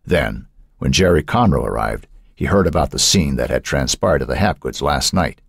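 A man narrating an audiobook in an expressive, suspenseful storytelling manner. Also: extremely low pitch, a little fast, vocal fry, husky, no room sound, studio quality.

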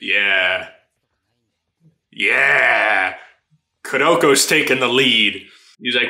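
A man hosting a casual anime reaction, excitable, laughing often and swearing freely as he watches. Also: medium pitch, very slow, vocal fry, pauses often. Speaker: anime reaction channel host. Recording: roomy echo.

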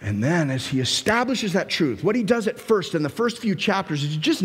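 A male pastor preaching a sermon, animated and emphatic, sometimes acting out the voices of his listeners. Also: high-pitched, a little fast, hardly any pauses, slightly rough, long reverb tail. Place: church sanctuary.

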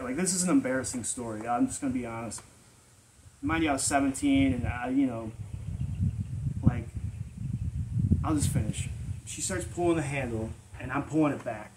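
A man's voice: fairly high pitch, background noise. A man telling a personal story in a casual, rambling way full of filler words, as the host of his own channel. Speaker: vlog storyteller.

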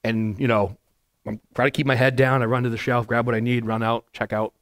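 Loud, chatty male pastor preaching. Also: medium pitch, level tone, a little fast. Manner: naturally loud, chatty, asks the room "right?". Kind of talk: conversational verse-by-verse sermon. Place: church sanctuary before a congregation.

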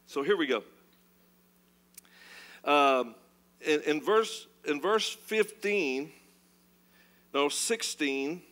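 A man preaching a sermon as pastor, animated and swinging between loud, urgent passages and hushed ones. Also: a little high, drawn-out words, pauses often. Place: church.

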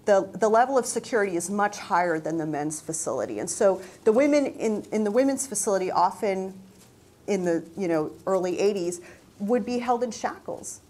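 A woman's voice: animated, normal speed, darkish tone. A middle-aged woman giving a reflective personal talk, telling stories and acting out remembered conversations. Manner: reflective, acts out quoted dialogue with raised pitch. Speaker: university staff speaker.

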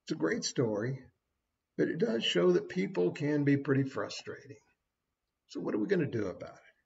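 A man's voice: fairly high pitch, sing-song, normal speed, vocal fry, darkish tone, dull audio. A man giving a short devotional sermon as a preacher, folksy and conversational with small asides.

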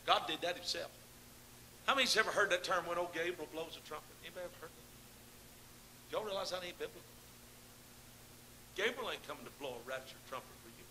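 A man preaching a fiery Pentecostal sermon, moving between shouted proclamations and low, chatty asides and calling out to his congregation. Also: expressive, fairly quick, pauses often, a little hiss or hum. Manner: calls out to the congregation.

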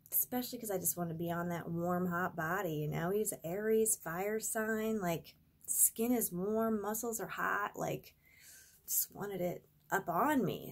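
A woman's voice: mid-range voice, a little mellow. A young adult woman vlogger telling a rambling, profane, exasperated story in a casual storytime vlog.

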